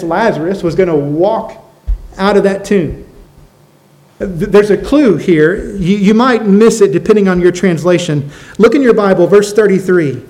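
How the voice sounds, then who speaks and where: A man's voice: high voice, darkish tone, poor audio. A man preaching a sermon as pastor, earnest, repeating phrases and asking the congregation questions.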